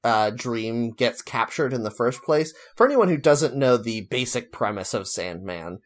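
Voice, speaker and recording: A man's voice: mid-range voice, animated, unhurried. Rambling opinionated man chatting. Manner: rambling, opinionated, filler-heavy. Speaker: podcast co-host. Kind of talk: casual chat.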